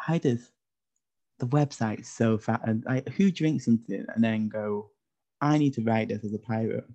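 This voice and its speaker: Pausing often and taking it slowly, this podcast host speaks in a mellow, low-side voice. He has a lisp and keeps the chat casual and jokey, though he often trips over his words. The sound is dull lo-fi podcast audio.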